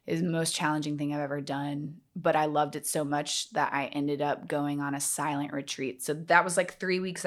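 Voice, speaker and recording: A woman's voice: low voice, fairly bright tone. A young woman, a yoga trainer, telling her story candidly as a podcast guest, rambling with lots of fillers. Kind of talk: casual interview storytelling.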